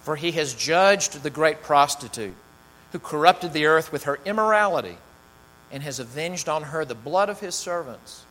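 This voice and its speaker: Preaching at a normal speed, this pastor has an expressive, fairly high voice with a fairly bright tone. He builds emphasis while reading scripture, then prays and speaks loosely with fillers, all under long hall reverb and a faint mains hum.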